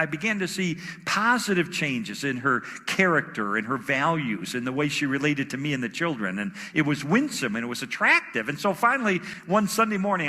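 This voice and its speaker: A man tells his personal testimony as an animated storyteller, acting out the people in it. His voice is bright and moves widely in pitch. It rings with the long reverb of a large hall. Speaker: speaker giving a personal testimony.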